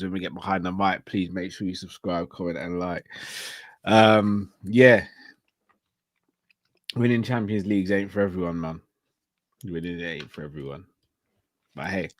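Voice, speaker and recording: Low laid-back man. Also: dry recording. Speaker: co-host. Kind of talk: casual fan chat.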